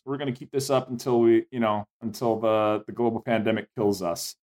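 A man co-hosting a podcast in an easy conversational way, with a middle-pitched voice. He slips dry, joking asides into the chat. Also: steady tone, normal speed. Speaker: podcast co-host.

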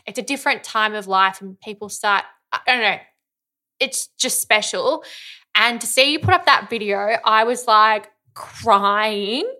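A woman's voice: medium pitch, sharp tone. A young woman co-hosting a podcast in casual chat, bubbly and emotional, often laughing. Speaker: podcast co-host.

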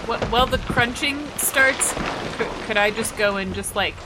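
A woman's voice: on the high side, moderate pace, noisy background. A woman playing a tabletop game in casual chat, making dry, wry remarks. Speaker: player.

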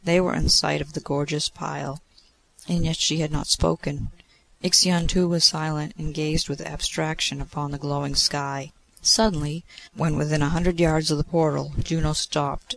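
A man narrates a classic story in a measured, expressive way. His voice sits a little high and carries a gravelly rasp. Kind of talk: reading a classic story aloud.

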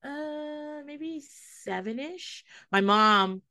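Woman co-host, bright forceful tone, candid and profane, casual chat. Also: high-pitched, lively intonation, drawn-out words. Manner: candid, swearing, laughing storyteller. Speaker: podcast co-host. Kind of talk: casual chat recapping a TV show.

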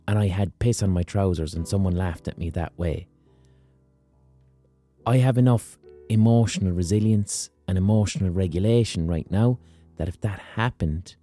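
Low-voiced man ranting casually. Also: warm tone. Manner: profane, rants, self-mocking. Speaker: podcast host. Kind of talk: casual monologue.

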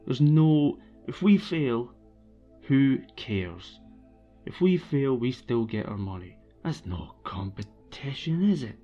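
A man's voice: mid-range voice, big pitch swings, takes it slowly, warm tone, muffled recording, faint music behind. A man streaming alone, talking in a casual, blunt and opinionated rant with frequent restarts. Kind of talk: casual ranting monologue.

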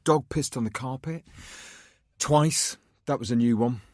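A man, a podcast co-host telling animated anecdotes, acting out quotes and swearing. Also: medium pitch, a little slow, no echo, clean studio sound. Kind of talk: casual chat.

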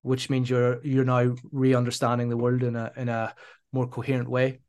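Calm, deliberate male therapist. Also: medium pitch. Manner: calm, deliberate, reflects the other person's words back. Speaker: sport psychology trainer and therapist. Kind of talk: measured explanatory interview talk.

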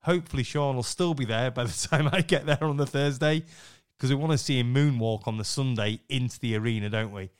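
A middle-aged man, co-hosting a casual podcast, chatty and quick to laugh. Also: medium pitch, smooth. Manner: chatty, laughs easily, upbeat sign-off. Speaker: podcast co-host.

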